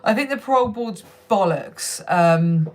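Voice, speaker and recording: A young woman talks straight into her phone from home during a live stream, chatty and blunt. She answers viewers as she goes, laughs easily and swears without a second thought. Her voice sits at an ordinary pitch for a woman. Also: lively intonation, measured pace. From United Kingdom. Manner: chatty, swears freely, laughs often, answers comments directly. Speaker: livestream host. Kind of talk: casual live chat with viewers.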